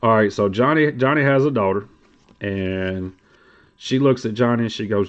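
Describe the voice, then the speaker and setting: A middle-aged man, hosting a casual livestream chat and telling stories in a blunt, profane, animated way. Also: lowish voice, moderate pace. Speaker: livestream host. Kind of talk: casual card-collecting talk. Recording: dull lo-fi stream audio.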